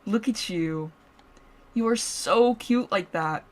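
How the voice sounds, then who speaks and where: A woman voicing a calm, possessive male kidnapper who speaks softly and slowly. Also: mid-range voice, natural voice. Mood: cooing. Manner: soft, slow and coaxing. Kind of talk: narrated story role-play.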